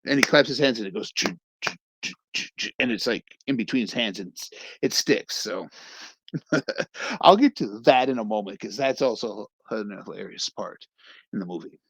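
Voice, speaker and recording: A man's voice: fairly low pitch, expressive, normal speed, creaky, breathy edge, rough recording. A young man casually recapping a comedy film as a review host, rambling and acting out scenes with quoted lines.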